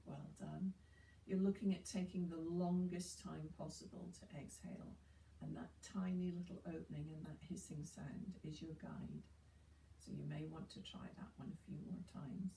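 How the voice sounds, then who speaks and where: A woman guiding a chair yoga session, giving slow, soothing breathing instructions with gentle encouragement. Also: low voice, steady tone, creaky, slight background noise. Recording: roomy, distant mic with faint ambience.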